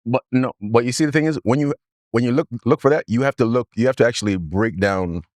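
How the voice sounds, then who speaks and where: A man's voice: medium pitch, fast, no room sound, clean studio sound. Insistent man co-hosting a podcast. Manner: insistent, repeats himself, talks over his partner. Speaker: podcast co-host. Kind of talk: casual argumentative chat.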